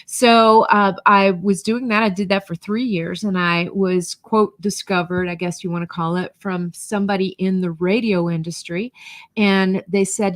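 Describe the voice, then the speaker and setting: A woman's voice: medium pitch, fairly even intonation, moderate pace, no room sound. Middle-aged woman guest with a barely-there Southern accent; easy, laughing storyteller, dry close mic. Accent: faint Southern US, mostly neutralized. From North Georgia, USA. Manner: chatty storyteller, laughs easily. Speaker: guest, brand coach and podcast host. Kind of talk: conversational interview.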